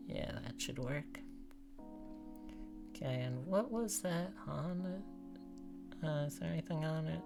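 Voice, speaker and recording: A woman's voice: sits low, takes it slowly, gravelly, pauses often, music in the background. A woman streaming as she draws, sleepy and yawning, chatting loosely and breaking into clumsy joking freestyle raps. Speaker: streamer drawing live.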